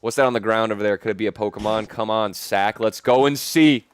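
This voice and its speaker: A young man, a gaming streamer, chatting casually and excitedly over gameplay, full of slang. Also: on the low side, fairly quick, slight background noise. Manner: animated, slangy, says "dude" a lot.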